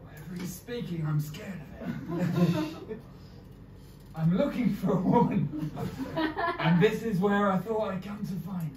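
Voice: medium pitch, animated. A performer playing a wary, nervous pirate captain, improvised live on a comedy club stage. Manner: wary, slow. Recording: echoey club from far off, loud crowd and noise.

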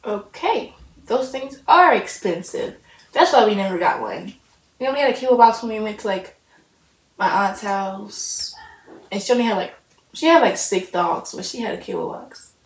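A woman's voice: medium pitch, animated, moderate pace, reverberant, rough recording. A woman hosting a reaction video, chatting casually and rambling into stories.

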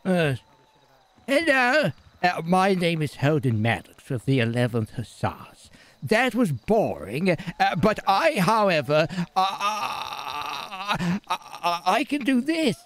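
A rambling old soldier, as a man puts him on, his voice set high and swinging up and down across a wide range. He drags his words slowly and stumbles through repeats until he forgets what he was saying. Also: big pitch swings, fairly bright tone, heavily acted. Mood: hesitant. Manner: halting, repeats words, loses his thread. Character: rambling old male army veteran, forgetful. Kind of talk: role-play in a video game.

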